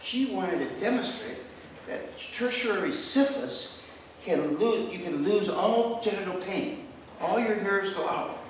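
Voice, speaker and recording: An older man tells stories in stand-up with a high, lively voice that leaps around. He is heard from a distance in an echoey room. Faint noise and audience laughter sit behind him. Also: a little slow. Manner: storytelling, animated. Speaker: stand-up comedian, retired doctor. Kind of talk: stand-up routine.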